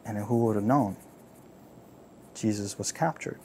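A man preaching, retelling a story dramatically, repeating phrases and asking listeners to imagine the scene, swinging from loud outbursts to near-whispers. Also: on the low side, normal speed, slight background noise. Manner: repeats words and phrases for emphasis; asks listeners to imagine, rhetorical questions. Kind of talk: sermon storytelling.

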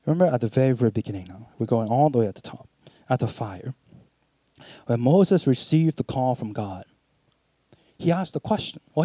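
A man delivering a sermon in a fairly high, mellow voice, recorded close and dry. He moves between quiet, hushed stretches and lively, emphatic retellings of scripture. His delivery stays animated and earnest throughout. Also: no echo. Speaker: preacher.

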